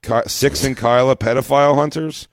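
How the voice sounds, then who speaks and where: A man's voice: mid-range voice, fairly even intonation, moderate pace, no room sound, studio quality. A man co-hosting a casual radio talk show, riffing crudely and laughing often. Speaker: co-host.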